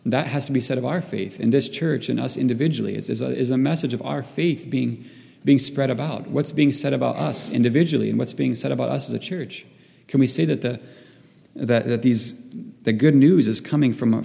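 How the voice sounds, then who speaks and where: A man's voice: medium pitch, a little fast, creaky, dark tone. A man preaching a sermon to his church. He halts often and repeats words while he searches for the right phrasing. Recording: long reverb in a hall.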